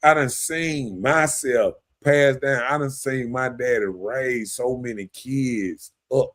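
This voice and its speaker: A man, hosting a podcast in casual opinion talk, animated, often asking "you know what I'm saying" and laughing. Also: mid-range voice, slow pace. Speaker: podcast host.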